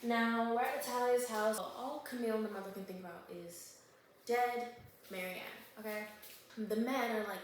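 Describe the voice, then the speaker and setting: A woman on her own channel retells a thriller plot, doing the characters' lines in animated voices and checking in with the viewer after every turn. Her voice sits a little high and bounces off the hard walls of a very echoey kitchen, with a faint hiss underneath. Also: moderate pace. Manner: animated storyteller who acts out characters. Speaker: book vlogger. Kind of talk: casual book recap. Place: home kitchen while baking. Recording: very echoey room.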